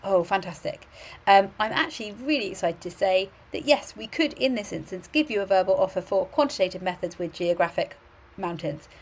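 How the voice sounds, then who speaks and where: A woman's voice: mid-range voice, brisk, breathy edge. A woman voicing a cheerful university admissions officer on the phone, upbeat and polite.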